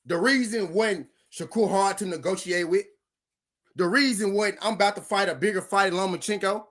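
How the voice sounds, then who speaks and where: A man's voice: high-pitched, normal speed, a bit bright. A man hosting a boxing commentary channel, ranting casually and heatedly to his viewers, repeating himself and swearing. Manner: repetitive, profane, heated, talks straight to viewers. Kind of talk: casual reaction rant.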